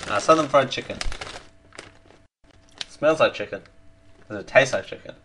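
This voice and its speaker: Male host, mid-pitched, excitable, chatting with his mouth full. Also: normal speed, slight background noise. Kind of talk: casual live-show chat, taste-testing snacks on air.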